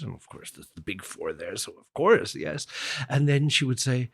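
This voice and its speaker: A man from Ireland, a guest pianist, telling childhood stories in an interview with lively quoted voices. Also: fairly low pitch, brisk, gravelly, husky. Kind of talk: storytelling in an interview.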